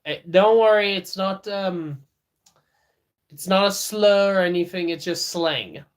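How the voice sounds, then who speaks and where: A man's voice: high voice, a little slow. A man streaming live, chatting casually with viewers, laughing often and talking to his dog.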